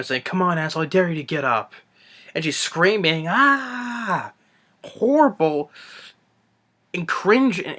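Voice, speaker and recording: A man with a bright, sharp-edged voice rants through a film review, audibly exasperated and scornful. He rambles off the cuff, stopping and restarting his sentences, filling the gaps with "you know" and "I mean". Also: medium pitch. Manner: rambling, halting, frequent restarts and fillers. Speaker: movie reviewer. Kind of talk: unscripted ranting film review.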